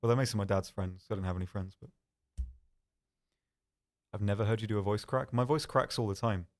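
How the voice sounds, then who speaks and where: A young man answers viewers' questions one by one during a casual live stream, reading each out first. He talks briskly, yet his slightly low voice remains soft and calm, with a dry, self-deprecating delivery.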